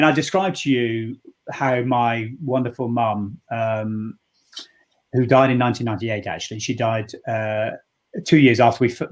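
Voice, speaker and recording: A man, a leadership coach speaking earnestly and reflectively in an interview, often restarting his sentences. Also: mid-range voice. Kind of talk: interview answer.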